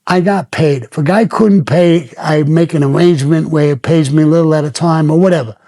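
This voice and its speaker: A man's voice: a little high, a little fast, dark tone. An older man telling his own stories on his podcast, blunt and plainspoken with plenty of profanity. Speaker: podcast host. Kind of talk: storytelling podcast.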